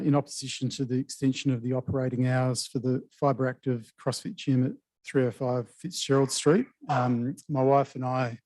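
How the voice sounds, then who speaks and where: A man's voice: medium pitch, darkish tone, no room sound. A man speaking as a local resident at a council meeting, plain and slightly hesitant. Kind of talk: public deputation. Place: council chamber.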